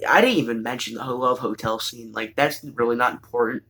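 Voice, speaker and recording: A man's voice: mid-range voice, brisk, vocal fry, pushed and bright. A young man hosting a show, casually recapping an anime in a rambling, hesitant way with lots of fillers. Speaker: show host.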